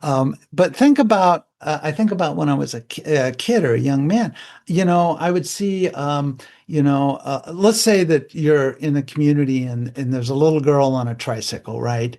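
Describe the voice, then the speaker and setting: A man's voice: fairly high pitch, normal speed, a little mellow. An older man, a psychologist, speaking candidly and reflectively as a guest in a conversational interview. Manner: candid, plain-spoken, reflective.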